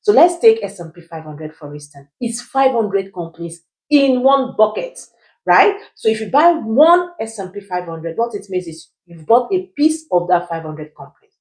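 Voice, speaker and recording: A woman's voice: medium pitch, lively intonation, moderate pace, a little mellow, poor audio. A woman teaching personal finance who asks rhetorical questions and answers them herself, checking in with her listeners as she goes. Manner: keeps checking in with "right?". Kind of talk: explainer video.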